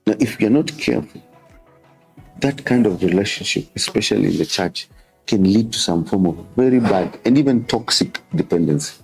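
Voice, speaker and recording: A man's voice: fairly low pitch, expressive, normal speed, gravelly, a little mellow, slightly rough, soft background music, low-quality recording. A man in his thirties with a Kenyan English accent, hosting a show and talking earnestly, mixing English and Swahili and repeating words for emphasis. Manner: switches between English and Swahili. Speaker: host. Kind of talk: casual reflective talk.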